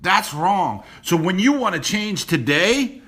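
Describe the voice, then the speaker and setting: A man hosting a motivational rant to camera, blunt and preachy, repeating himself, dropping low and quiet on personal points. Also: sing-song, slow. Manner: blunt and preachy, repeats phrases, many restarts. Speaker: host.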